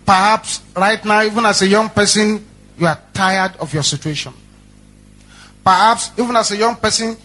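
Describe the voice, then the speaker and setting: Man, pastor preaching, high bright voice, dramatic and repetitive. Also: slightly rough. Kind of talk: sermon storytelling.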